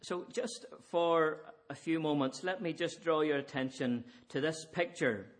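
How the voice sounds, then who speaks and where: A man's voice: fairly high pitch, a little slow. A man preaching an evening sermon, earnest and emphatic, pressing his listeners with repeated rhetorical questions.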